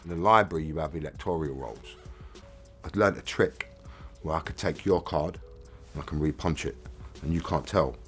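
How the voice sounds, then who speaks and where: A man's voice: a bass voice, normal speed, pauses often, a bit bright, faint music behind. A middle-aged man with an English accent, frankly and casually telling his own life story. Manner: plain-spoken, casual, frank. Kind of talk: candid first-person storytelling.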